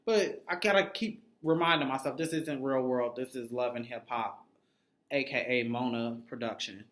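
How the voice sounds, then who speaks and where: A man's voice: mid-range voice, moderate pace, fairly bright tone, a little hiss or hum. Brief: sassy profane male recap vlogger, roomy. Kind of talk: casual gossip recap. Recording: roomy echo.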